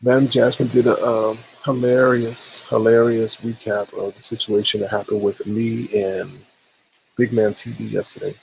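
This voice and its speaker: A man's voice: on the low side, flat delivery, normal speed, vocal fry, darkish tone, a little hiss or hum, low-quality recording. A man hosting a casual livestream, greeting viewers by name, his voice run through a voice modulator. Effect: voice modulator with a swooshing sound. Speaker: livestream host.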